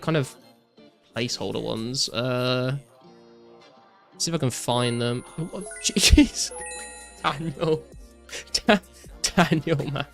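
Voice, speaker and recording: A young British man live-streaming a game, casually chatting and excitedly thanking viewers, swearing often. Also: on the high side. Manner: excitable, swears a lot, thanks donors profusely.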